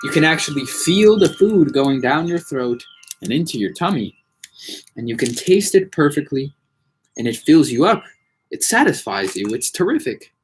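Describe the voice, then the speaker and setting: A man's voice: on the high side, very animated, normal speed, a little hiss or hum, rough recording. Wonka: a man doing a boastful candy inventor. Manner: boastful, exclamatory. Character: eccentric proud male candy inventor.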